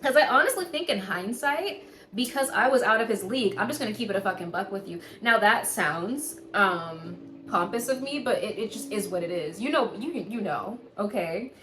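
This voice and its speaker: A woman's voice: medium pitch, expressive, moderate pace, fairly bright tone, roomy sound. A woman giving a casual, candid astrology reading, swearing freely and laughing often. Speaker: tarot reader.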